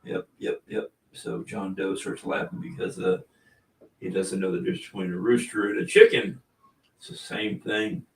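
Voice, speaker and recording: A man's voice: lowish voice, flat delivery, normal speed, vocal fry, recorded from a distance. Easygoing man in an echoey room. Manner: easygoing, rambling, chuckles often. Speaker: livestream host. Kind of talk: casual livestream chat. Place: indoors, room with cabinets. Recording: echoey room, away from the mic.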